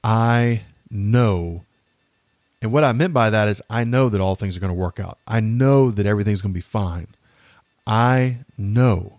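A man in his thirties hosting a faith podcast, talking about grief in an earnest, halting way with many fillers and restarts. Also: lowish voice, darkish tone, no echo, clean studio sound. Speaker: podcast host. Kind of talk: faith-based personal reflection.

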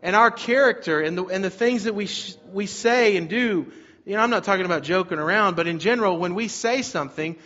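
Energetic preaching man with a high voice. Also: a little fast, highs cut off, soft background music. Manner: energetic preaching, asks the congregation to repeat lines. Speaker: pastor. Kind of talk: sermon.

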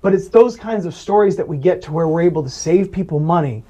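A man's voice: a little high, expressive, fast talker, mellow, low-quality recording. A man working as a Medicare planner, earnestly retelling client stories in an interview. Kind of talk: interview storytelling.

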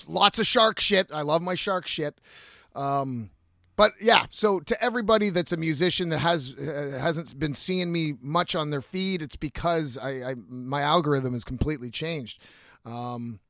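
A man with a gravelly, somewhat high voice hosts a casual solo podcast. He rambles and swears and keeps restarting his sentences. The sound is close and dry. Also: fairly bright tone, no room sound. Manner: rambling and profane, with many trailing restarts. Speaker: podcast host.

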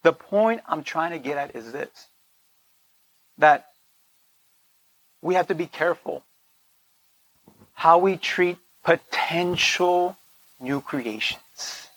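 A man's voice: fairly high pitch, expressive, takes it slowly, pauses often, fairly bright tone, no room sound. A man giving an informal sermon in a conversational way, dropping to whispers for asides and rising for emphasis, often checking in with his listeners. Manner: keeps checking in with the audience. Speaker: preacher.

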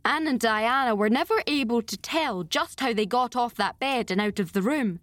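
A woman narrating a classic novel in a measured, expressive storytelling manner. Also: on the high side, no echo. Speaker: audiobook narrator. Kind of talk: scripted narration.

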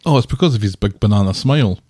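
A man co-hosting a podcast in casual chat, dropping quick deadpan jokes. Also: on the low side, dry recording, studio quality. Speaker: podcast co-host.

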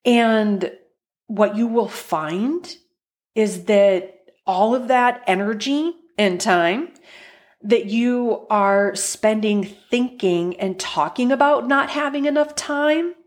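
A woman hosts her own podcast as a life coach, speaking at a slow, unhurried pace. Her manner is chatty and encouraging. She often slips into little acted-out versions of listeners' everyday complaints. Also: a little high. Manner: chatty, encouraging, acts out quoted thoughts. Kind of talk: solo podcast talk.

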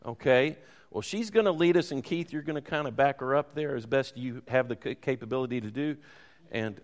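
A man's voice: mid-range voice, a little fast. A man leading a church service, talking informally and chatting with the congregation. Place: church sanctuary. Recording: reverberant church hall.

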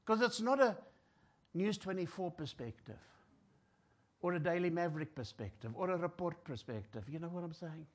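With a fairly high pitch and lively intonation, a South African man preaches at a moderate pace. His sermon shifts between booming emphasis and quiet, almost whispered lines, and he performs the voices of people in despair.

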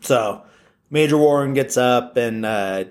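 A man's voice: mid-range voice, slow pace. A man casually retelling a film's plot, rambling with lots of fillers. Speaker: film plot recapper.

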